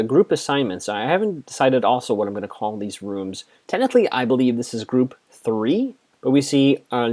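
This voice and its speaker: A man's voice: mid-range voice, darkish tone. A man hosting a podcast, casually recapping a TV episode in a chatty, reactive way, quoting characters as he goes. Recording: muffled lo-fi audio.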